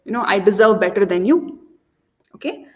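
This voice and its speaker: A woman's voice: mid-range voice, normal speed. A woman giving a conference talk as a story, acting out the quotes with feeling. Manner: animated, acts out quotes. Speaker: conference speaker. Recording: dull audio with long reverb.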